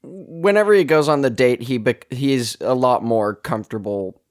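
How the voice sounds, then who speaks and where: A man's voice: medium pitch, normal speed. A man co-hosting a podcast, talking through a movie review in a rambling way and correcting himself as he goes. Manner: rambling, self-correcting, laughs easily. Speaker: podcast co-host. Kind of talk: casual movie-review chat.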